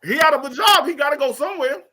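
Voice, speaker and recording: Bright-voiced teasing man. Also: very high-pitched, racing. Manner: teasing, laughing, explains at length. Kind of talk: casual football chat.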